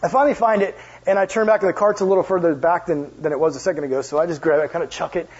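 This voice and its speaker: A man's voice: fairly high pitch, steady tone, rapid-fire, a little mellow, husky. A young man preaching to a youth group in a casual, joking storytelling style, often turning to ask the audience questions. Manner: casual, chatty, jokey asides to the audience. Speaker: youth pastor. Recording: dull lo-fi sound.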